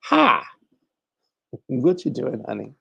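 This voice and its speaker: A man hosts a casual livestream, chatting and teaching conjure, greeting viewers by name and calling everyone honey. His mid-range voice is animated, gravelly, mellow and slightly rough, and he keeps a measured pace. The recording is dry.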